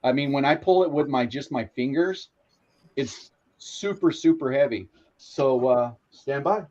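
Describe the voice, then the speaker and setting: A man's voice: medium pitch, a little slow, a little mellow, highs cut off. A man hosting a casual live stream, explaining things step by step with frequent restarts. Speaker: host. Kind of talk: casual chat. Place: home train room.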